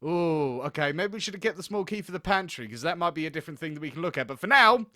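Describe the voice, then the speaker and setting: A man's voice: fairly high pitch, expressive, fast talker, sharp tone, no room sound, clean studio sound. A young man hosting a let's play, reading game text aloud and rambling with giggles as he thinks aloud. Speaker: gaming video host.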